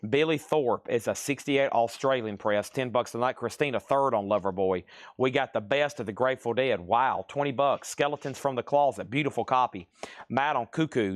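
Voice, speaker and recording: A man hosting a live-streamed record sale, listing items at a rapid clip and slipping into playful sales pitches. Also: no room sound, studio quality. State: out of breath. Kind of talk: live-stream auction patter.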